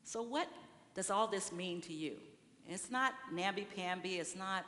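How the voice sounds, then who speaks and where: A woman's voice: fairly low pitch, moderate pace, sharp tone. A woman giving a conversational sermon in a church, asking the congregation questions and acting out what people say. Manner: conversational preaching with rhetorical questions and acted-out quotes. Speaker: speaker at a church service. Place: large church sanctuary. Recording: reverberant hall, faint room noise.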